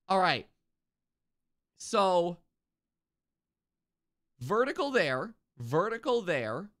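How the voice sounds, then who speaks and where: A man streaming a video game live, thinking out loud and repeating himself, with sudden excited outbursts. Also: high-pitched. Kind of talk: live gameplay commentary.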